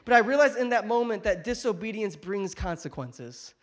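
A male pastor preaching a sermon in a church, telling a family story in an animated, joking way and speaking straight to the congregation. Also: sits high, normal speed. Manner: animated, jokey storyteller who addresses the congregation directly. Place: church auditorium.

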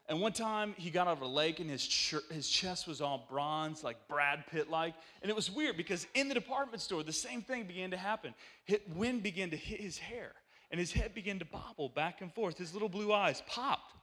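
A high-pitched man in his forties delivers a playful sermon from a church pulpit. His voice is bright and forceful, animated and full of jokes, and it jumps into full shouts during the stories. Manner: animated, joking, breaks into loud shouts. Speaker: pastor. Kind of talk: lively storytelling sermon. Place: church sanctuary.

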